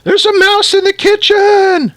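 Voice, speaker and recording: A man voicing a jumpy adult woman who is terrified of mice, in a shrieking high falsetto. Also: huge pitch swings, moderate pace, bright, forceful tone, slightly rough, no room sound, clean studio sound, full character voice.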